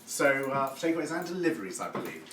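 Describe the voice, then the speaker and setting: A man's voice: medium pitch, big pitch swings, fast. Gushing man hosting a live cooking show, echoey and distant. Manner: chatty and effusive, gushing praise words. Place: home kitchen. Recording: echoey room, distant mic, background noise.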